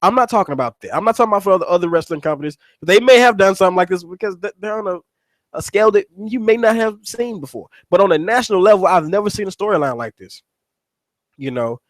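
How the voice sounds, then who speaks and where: A man's voice: sits high, lively intonation, fast talker, no echo, low-quality recording. A man hosting a casual wrestling recap, rambling and cursing as he restarts his sentences. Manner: rambling, profane, repeats words and restarts. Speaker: wrestling show host.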